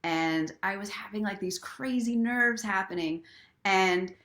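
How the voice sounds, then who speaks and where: A woman hosting a live story time stream, chatting in an encouraging way and slowing down for soft affirmations. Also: medium pitch. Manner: chatty and encouraging, reads viewer comments aloud. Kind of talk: casual live-stream talk with inspirational reading.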